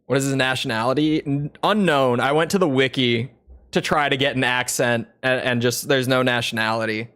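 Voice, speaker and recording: A man's voice: medium pitch, a little fast, fairly bright tone, clear, resonant tone. A man with a strained throat, rambling and joking about himself while streaming a game. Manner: rambling, self-mocking, laughs often. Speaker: gaming streamer. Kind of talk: casual commentary while playing.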